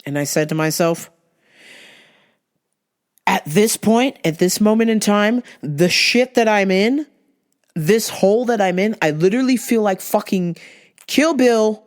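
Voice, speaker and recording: A young woman telling a story to camera in a casual, exasperated rant, swearing freely and rising to shouts. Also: medium pitch, animated, a little slow, long pauses. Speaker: vlogger.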